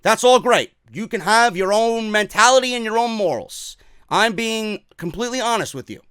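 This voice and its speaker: A man's voice: high-pitched, pushed and bright, smooth, no room sound. A man with a New York accent hosting a wrestling talk show, giving blunt, profane, emphatic opinions in casual commentary.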